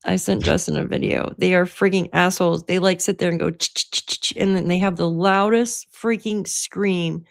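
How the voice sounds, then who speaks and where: A woman's voice: on the low side, fairly even intonation, moderate pace, vocal fry, hardly any pauses. A woman hosting a casual livestream from home, chatty and laughing often, swearing freely. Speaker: livestream host. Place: at home by her computer.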